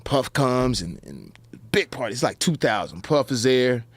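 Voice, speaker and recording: Male talk-show guest, animated storyteller who mimics the people he quotes, dry close recording. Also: normal speed, dry recording. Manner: acts out quotes in high put-on voices.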